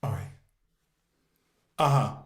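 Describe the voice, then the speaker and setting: A man's voice: takes it slowly, lightly acted. A man improvising a cheap, placating boyfriend on a date who hurries his words and keeps repeating himself. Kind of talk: improvised comedy scene. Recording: roomy reverb.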